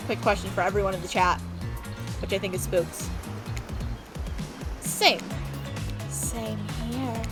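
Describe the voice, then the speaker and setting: A woman's voice: mid-range voice, little pitch movement, brisk. A woman in her twenties streaming a dating game, reading it aloud and making joking asides to her chat, with game music playing behind.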